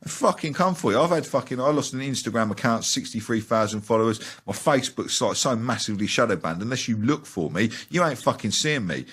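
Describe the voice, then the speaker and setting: Brief: young bloke, interview guest, rapid, husky, foul-mouthed rant. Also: male voice, mid-range voice, lively intonation, a bit bright. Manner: fast, profane, ranting. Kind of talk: casual interview chat.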